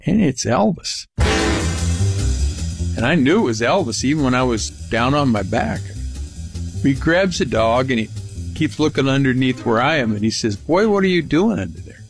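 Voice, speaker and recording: A man's voice: medium pitch, expressive, normal speed, gravelly, long pauses, soft background music. An older man from California telling a casual personal anecdote in a folksy, rambling way with frequent restarts. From Palm Springs, California. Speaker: storyteller.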